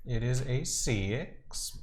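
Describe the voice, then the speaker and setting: A man's voice: mid-range voice, animated, very slow, darkish tone, a little hiss or hum. A young man playing a tabletop game, casual and joking, thinking aloud over his dice. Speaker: player.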